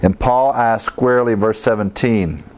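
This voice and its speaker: A man's voice: fairly low pitch, moderate pace, darkish tone. A man preaching a verse-by-verse Bible teaching sermon in a conversational way, with frequent fillers and wry asides. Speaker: pastor teaching through scripture.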